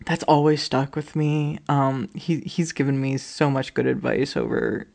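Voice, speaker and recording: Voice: mid-range voice, fairly even intonation, measured pace, gravelly, a little mellow. A speaker in their thirties sharing a candid personal story, rambling, with lots of "like" fillers and casual swearing.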